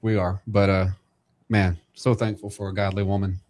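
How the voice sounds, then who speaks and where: A man's voice: low voice, flat delivery, normal speed, a little mellow. A middle-aged man hosting a casual interview, speaking earnestly and encouragingly about faith and family. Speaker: host.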